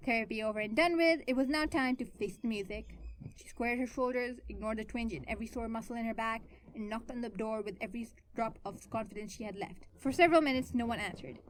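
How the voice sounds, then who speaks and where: A woman narrating her own fan fiction, expressive and swinging between soft and loud. Her voice sits fairly high for a woman. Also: fast talker, a little hiss or hum.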